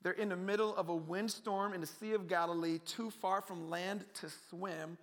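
A man preaching a sermon in an animated, joking way, calling his listeners family and swinging between hushed and loud delivery. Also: high-pitched, normal speed.

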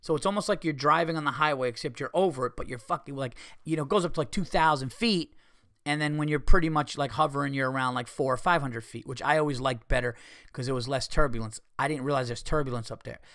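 A man's voice: medium pitch, fast talker, fairly bright tone, dry recording, studio quality. A man hosting a podcast, telling a story casually and animatedly, swearing, acting out what people said and making sound effects. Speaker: podcast host and comedian.

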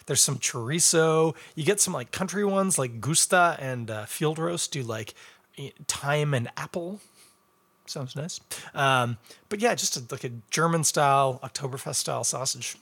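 A man's voice: mid-range voice, a bit bright. A man reviewing beer in a casual livestream chat, rambling and chatty with joking asides.

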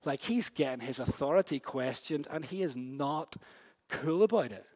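A man preaching a sermon in a casual, slangy way, swinging between loud, quick bursts and hushed, slow stretches. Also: a little high. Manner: lively storytelling, big swings from loud and fast to hushed and slow; casual, slangy delivery with many "like" and "yo" asides.

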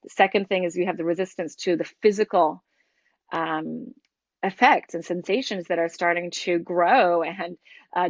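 A woman's voice: on the low side, no room sound. A middle-aged woman from the United States, a breathwork teacher talking candidly and animatedly as an interview guest, with many restarts. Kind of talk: casual interview talk. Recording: dull, dry lo-fi sound.

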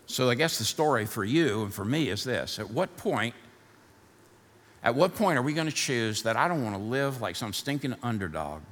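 A male pastor preaching a sermon in a church, building to fired-up shouting and easing into a softer prayer. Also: medium pitch, sing-song, normal speed, in a large hall. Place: church sanctuary.

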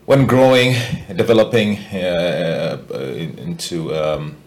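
A man hosting a casual podcast chat, halting often with fillers and restarts as he gathers his thoughts. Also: sits low, a little hiss or hum. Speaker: podcast host.

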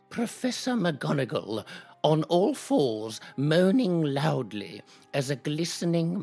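A performer putting on a posh elderly English actress, reading fan fiction in a deadpan comic style. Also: medium pitch, slightly rough, full character voice.

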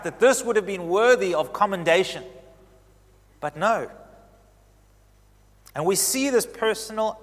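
A man preaching a sermon, retelling a scripture story expressively, with emphatic highs and hushed reflective passages. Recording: long hall reverb.

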